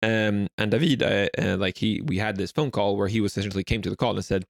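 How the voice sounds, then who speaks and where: A man's voice: on the low side, fast, creaky, few pauses, no room sound, clean studio sound. A young Swedish man telling stories in a casual interview, rambling with lots of fillers. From Sweden. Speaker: guest.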